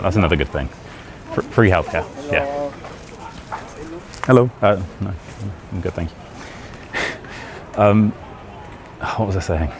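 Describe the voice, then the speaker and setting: A British man talking casually to camera in a chatty, rambling way, laughing often as he teaches about his country. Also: deep voice. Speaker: British English teacher and YouTuber. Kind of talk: casual vlog talk. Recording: outdoor street noise behind.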